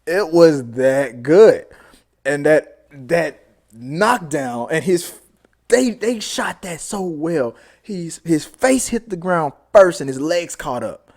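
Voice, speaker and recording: Male host, animated casual recap, lively pitch, acts out scenes. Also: takes it slowly. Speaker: show host, TV reviewer.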